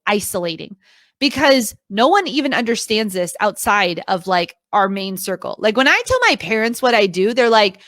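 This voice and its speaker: A thirties-aged woman who coaches on video delivers an emphatic, earnest motivational talk live to an online audience, returning to her key phrases and at moments nearly in tears. Her medium-pitched voice is very animated and fairly bright, at normal speed. The studio recording is clean and dry.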